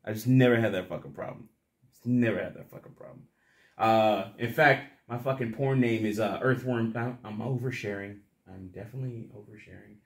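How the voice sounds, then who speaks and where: A man's voice: fairly low pitch, a little fast. A young man rambling casually to the camera, crude and profane, often laughing at his own stories. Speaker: vlogger.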